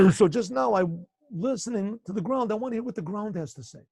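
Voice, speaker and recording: A man's voice: high voice, lively intonation, moderate pace, gravelly, husky, dry recording, pitched above the performer's own voice, exaggerated voice. A man voicing a wise rabbi patiently settling a land dispute in a told story. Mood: calm, firm. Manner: patient, firm instructions. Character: calm wise older rabbi judging a dispute.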